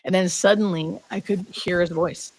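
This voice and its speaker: A woman's voice: on the low side, steady tone, moderate pace, a little mellow, low-quality recording. A woman in her thirties, a hospice nurse guest, telling a personal story in a heartfelt way, full of "like" fillers and dropping to a whisper now and then. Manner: heartfelt, many "like" fillers, drops to a whisper when quoting. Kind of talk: emotional storytelling.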